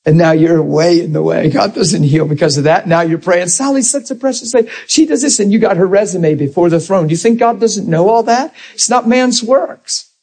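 A man preaching a sermon in a conversational, animated way, acting out the people he quotes. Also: high-pitched, normal speed, hardly any pauses, husky, poor audio.

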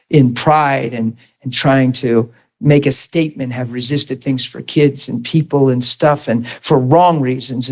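A man's voice: medium pitch, breathy edge. A middle-aged man preaching a sermon, telling a personal story and acting out the voices in it. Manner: animated storyteller, acts out voices, laughs.

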